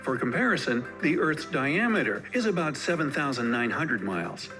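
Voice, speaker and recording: A man's voice: medium pitch, big pitch swings, moderate pace. A man giving scripted list narration with light jokey asides. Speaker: narrator of reacted video. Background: background music.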